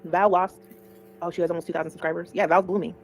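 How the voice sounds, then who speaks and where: A woman's voice: lowish voice, level tone, fast, slight background noise, low-quality recording. A woman hosting a casual livestream, giving chatty, opinionated commentary.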